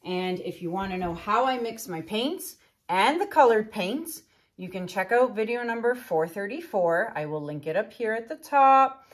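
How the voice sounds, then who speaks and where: A woman's voice: mid-range voice, lively intonation, normal speed. A woman hosting her own painting channel, talking casually and upbeat to viewers, with lots of filler words. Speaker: acrylic pour artist and channel host. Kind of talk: casual tutorial vlog.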